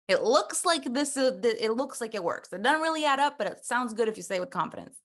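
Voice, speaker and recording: A woman coaching a personal development workshop, animated and playful, acting out little scenes as she teaches. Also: on the high side, fast, hardly any pauses.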